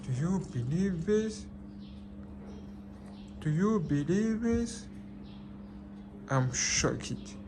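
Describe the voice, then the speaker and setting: A man's voice: high voice, animated, drawn-out words, long pauses, noisy background. A man filming an unboxing vlog on a phone, exclaiming in disbelief and repeating himself. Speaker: vlogger. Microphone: phone camera.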